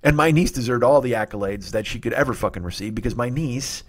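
A man's voice: mid-range voice, quick pace. A man in his forties hosting a comedy podcast, delivering a rambling, profane, nostalgic comic monologue. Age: 40s.

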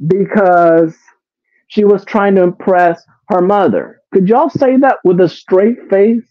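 A fairly high-pitched man talks slowly and deliberately, exasperated, pressing his viewers with rhetorical questions and repeating himself. The sound is tinny and phone-like, with a dry, close feel and no room around it. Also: no room sound. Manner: swears, repeats phrases. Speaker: commentary streamer. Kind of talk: casual commentary to a live chat.

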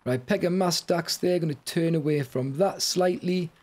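A young man giving excitable gameplay commentary, often yelping and shouting in panic. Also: on the high side, normal speed. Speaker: gaming YouTuber.

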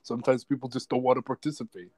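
A man's voice: medium pitch, little pitch movement, quick pace, warm tone, no room sound. A young man co-hosting a podcast, telling stories animatedly and laughing often. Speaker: podcast co-host. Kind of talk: casual chat.

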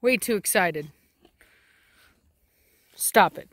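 A woman's voice: mid-range voice, animated, drawn-out words, a bit bright, slight background noise. A woman, a dog breeder talking casually to camera while firmly shushing and commanding her dogs. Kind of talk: casual vlog narration.

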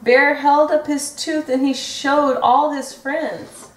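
Slow, gentle woman reading to kids. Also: sits high, fairly even intonation. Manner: slow, gentle, sing-song. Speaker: storybook reader. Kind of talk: reading a picture book to children. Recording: roomy echo from a distant mic.

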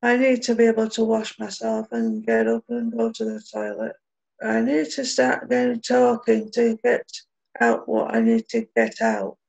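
Gravelly-voiced woman telling her story. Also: a little high, very animated, darkish tone, poor audio. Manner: plain, unhurried recounting in dialect. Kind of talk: personal storytelling.

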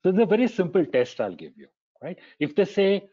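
A man's voice: mid-range voice, very animated, brisk, few pauses, slightly rough, muffled recording. A man presenting a conversational webinar talk, posing rhetorical questions, answering them, and often checking in with "right?".

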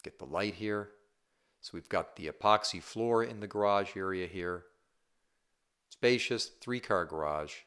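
A man's voice: lowish voice, unhurried, a bit bright, clear, resonant tone. A male real estate agent talking a viewer through a home tour, upbeat and chatty, often checking in with "right?". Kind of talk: casual home tour walkthrough.

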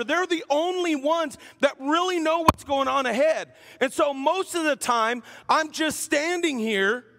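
High-voiced pastor joking through a sermon. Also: male voice, vocal fry, fairly bright tone. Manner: humorous, teasing the congregation. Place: church sanctuary. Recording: long hall reverb.

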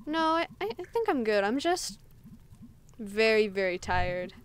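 A woman's voice: a little high, very animated, measured pace, clear, resonant tone. A woman reading a weary young cat girl. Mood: exhausted. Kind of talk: reading game dialogue aloud.

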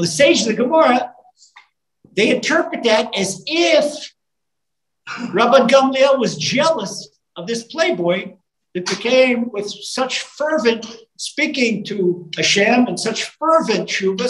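A male rabbi delivers a live sermon to an audience, retelling stories with lively, animated fervor. His voice carries through a roomy, echoing hall. He breaks into snatches of song and builds his points to impassioned emphasis. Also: very high-pitched. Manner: animated storytelling with sung lines and rising fervor. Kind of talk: storytelling sermon. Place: live talk in a room.

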